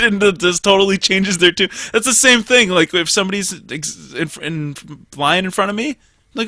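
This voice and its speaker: A man's voice: sits high, normal speed, pushed and bright, dry recording. A man co-hosting a podcast in casual chat, joking and swearing freely. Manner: joking, profane, acts out angry voices. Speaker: podcast co-host.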